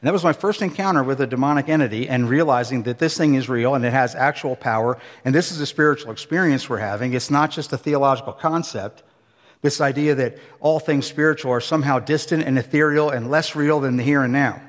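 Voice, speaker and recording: A man preaching a sermon, telling a story in an animated way and acting out the scenes. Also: medium pitch, fast talker, long reverb tail. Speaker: pastor. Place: church hall.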